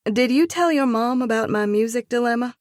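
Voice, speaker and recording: A woman's voice: a little high, a little fast, no echo, clean studio sound, voice pushed up, close to an everyday voice. A woman reading an audiobook and voicing a torn young female singer who speaks in an earnest, emotional way. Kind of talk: audiobook dialogue.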